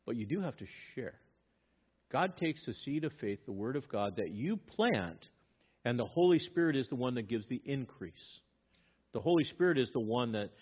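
A man's voice: mid-range voice, slightly rough. Emphatic male pastor preaching. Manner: emphatic, rising in volume when stressing points. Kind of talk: sermon. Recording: dull lo-fi sermon recording.

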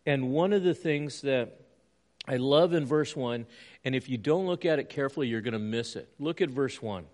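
A middle-aged man preaching a sermon in an earnest way, moving between quiet reflection and emphatic points. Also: mid-range voice, moderate pace. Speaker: pastor.

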